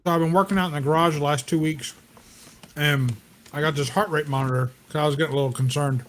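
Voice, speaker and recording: A man's voice: fairly high pitch, fairly even intonation, fast, slight background noise. A man sharing easygoing, rambling anecdotes in a casual podcast chat.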